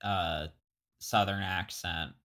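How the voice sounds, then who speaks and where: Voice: low voice, fairly even intonation, slow pace, fairly bright tone. A young adult podcast co-host from Florida in casual chat, rambling with lots of restarts and laughing often. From Florida, USA.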